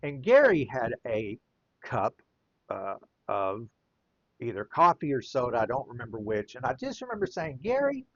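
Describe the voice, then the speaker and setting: A man's voice: medium pitch, normal speed, no room sound, lo-fi sound. A man telling a casual anecdote while he draws, chuckling often as he talks. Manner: chuckles often, lively rise and fall. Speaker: artist and storyteller.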